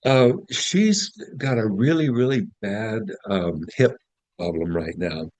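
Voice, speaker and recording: A man's voice: on the low side, lively intonation, slow, a little mellow, no echo, low-quality recording. A man in his sixties, a guest author, telling folksy stories with self-deprecating humor and frequent restarts. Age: 60s. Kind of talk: casual interview chat.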